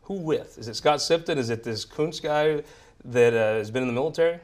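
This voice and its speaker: A man's voice: medium pitch, brisk. A man hosting a political panel show, joking and rambling from topic to topic. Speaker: show host.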